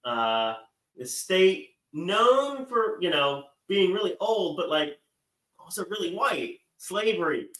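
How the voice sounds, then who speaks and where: A man's voice: high voice, sing-song, slow pace, fairly bright tone, roomy sound, rough recording. Rambling, irreverent man from Maryland. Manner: rambling, irreverent, swears, laughs at own asides. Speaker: morning show host. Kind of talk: casual political monologue.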